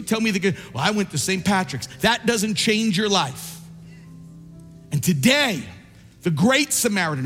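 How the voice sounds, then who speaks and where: High-voiced passionate male pastor preaching. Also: breathy edge, in a large hall. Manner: passionate, repetitive, swings from soft pleading to shouting. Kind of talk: sermon with altar call. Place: large church.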